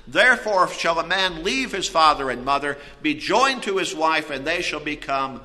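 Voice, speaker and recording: Bright-voiced preacher in a reverberant hall. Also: male voice, fairly high pitch, expressive, normal speed. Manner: storytelling with wide swings in loudness. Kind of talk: sermon.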